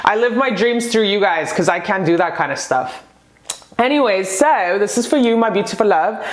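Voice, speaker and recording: A woman doing a casual pick-a-card tarot reading, excitable and gushing, rambling into asides and swearing freely. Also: mid-range voice, moderate pace, roomy sound.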